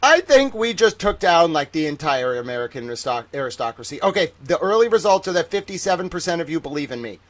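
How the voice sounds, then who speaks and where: A man hosting a livestream in casual chat, animated, exclamatory and jokey. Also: fairly high pitch, quick pace, few pauses. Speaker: livestream host.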